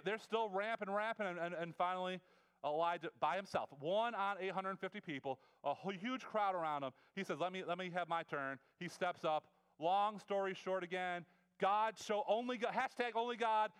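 A male preacher retelling a story in a sermon, in a casual, animated way with asides and quick restarts. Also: high voice, clear, resonant tone. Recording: long reverb of a large hall.

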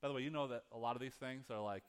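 A man preaching a sermon as pastor, earnest and halting, often restarting his sentences. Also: mid-range voice, clear, resonant tone.

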